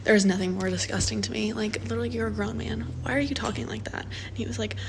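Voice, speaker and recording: A woman's voice: a little high, fairly even intonation, quick pace, gravelly, few pauses, noisy background. A woman telling a story to her phone camera in an exasperated, sarcastic way. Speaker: social media creator. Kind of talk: monologue to camera.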